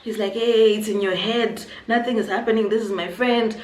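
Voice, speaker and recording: A woman's voice: mid-range voice, normal speed. Zimbabwean woman telling a storytime. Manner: animated storytelling, acts out quotes. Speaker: YouTuber. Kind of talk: storytime vlog. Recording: echoey room, faint noise.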